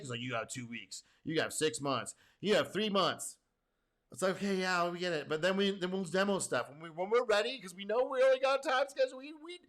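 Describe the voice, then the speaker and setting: A man's voice: high voice, a bit bright. A man hosting a reaction commentary as a programming teacher, rambling and emphatic with casual swearing. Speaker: host and programming course teacher.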